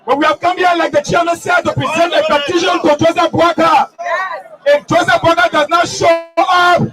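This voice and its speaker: A man with a Liberian English accent giving a shouted protest speech to a crowd at an outdoor street rally. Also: very high-pitched, flat delivery, moderate pace, loud music behind the voice. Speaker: rally speaker. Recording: distant mic, loud crowd and noise.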